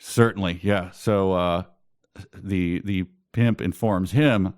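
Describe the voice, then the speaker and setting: A low-voiced man co-hosts a casual podcast with wry disbelief. He stops and restarts his sentences a lot. The sound is dry and close. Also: fairly even intonation, slow pace, darkish tone, smooth, dry recording. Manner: wry and incredulous, trails off in restarts. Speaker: podcast co-host. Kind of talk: casual podcast chat about a book.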